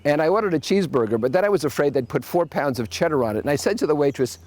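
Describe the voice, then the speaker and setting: A man hosting a solo podcast, telling wry anecdotes with animated asides. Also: on the high side, rapid-fire. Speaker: podcast host.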